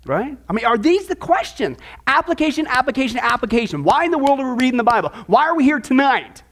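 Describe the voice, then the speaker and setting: A man's voice: extremely high pitch, very animated, fast. A man teaching a Bible discipleship class as pastor, firing off rhetorical questions with folksy asides.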